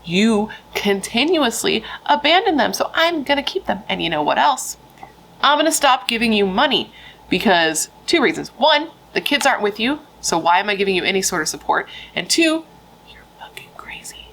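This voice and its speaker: A woman's voice: a little high, big pitch swings, normal speed, fairly bright tone, pitched above the performer's own voice, exaggerated voice, low-quality recording. A woman voicing a middle-aged husband who is blunt and dismissive as he walks out of his marriage. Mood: exasperated.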